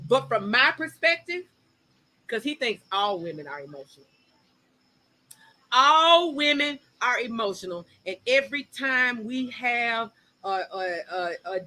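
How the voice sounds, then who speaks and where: Bright, emphatic woman co-host. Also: on the high side, low-quality recording. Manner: animated, emphatic and opinionated, speeds up when making a point. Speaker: podcast co-host. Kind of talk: casual chat.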